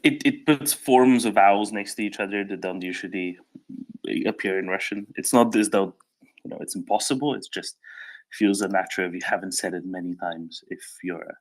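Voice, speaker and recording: A man's voice: low voice, moderate pace, rough recording. A man on a panel who explains languages in a precise, explanatory way. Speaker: panel speaker.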